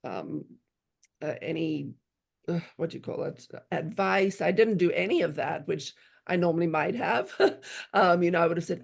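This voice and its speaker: A woman's voice: lowish voice, lively intonation, normal speed, creaky, slightly rough. A middle-aged woman telling a personal parenting story in a casual, earnest way, with frequent restarts. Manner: earnest, many restarts and "you know"s, acts out quoted voices.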